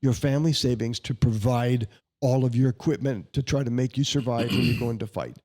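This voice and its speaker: A man with a warm, relaxed voice at a middle pitch. He speaks as a candidate in a podcast interview, pressing his points with indignation and sarcasm. Between arguments he slips into chatty anecdotes. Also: a little fast. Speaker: congressional candidate.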